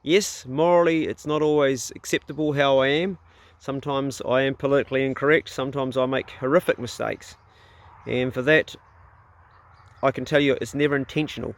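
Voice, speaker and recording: A man's voice: mid-range voice, fairly even intonation, fairly quick. A middle-aged man with a New Zealand accent talks bluntly to camera in a casual vlog, swearing freely. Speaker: vlogger.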